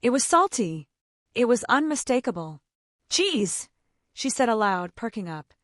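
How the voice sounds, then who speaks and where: A woman storyteller narrating a children's fable with a scripted, gently dramatic reading. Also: fairly high pitch, very animated, moderate pace, no room sound, studio quality.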